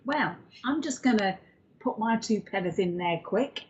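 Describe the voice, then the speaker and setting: A woman's voice: mid-range voice, lively intonation, unhurried. Chatty woman medium. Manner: warm-worded, chatty, calls viewers darling and lovey. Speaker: psychic medium co-host. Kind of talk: live spiritual reading and chat. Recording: dull lo-fi livestream audio.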